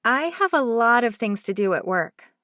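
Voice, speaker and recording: A woman narrating a first-person romance audiobook in a lively, expressive way. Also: fairly high pitch, moderate pace, no echo, clean studio sound.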